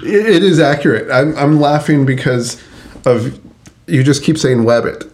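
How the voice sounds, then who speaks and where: A man's voice: medium pitch, normal speed, darkish tone, slight background noise. A man co-hosting a podcast, talking in a loose, chuckly way and correcting himself as he goes. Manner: conversational, chuckly, self-correcting. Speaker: podcast co-host. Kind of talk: casual chat.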